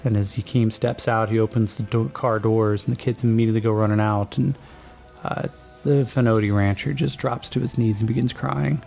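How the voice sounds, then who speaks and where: Gravelly-voiced man running a tabletop game. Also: mid-range voice, fairly even intonation, normal speed. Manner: laid-back, rambling, many fillers. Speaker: game master. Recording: soft background music.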